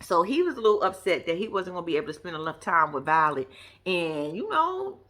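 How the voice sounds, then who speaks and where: A woman's voice: on the low side, very animated, fairly quick, bright, forceful tone. A woman casually recapping a reality show, chatty, blunt and profane, laughing often.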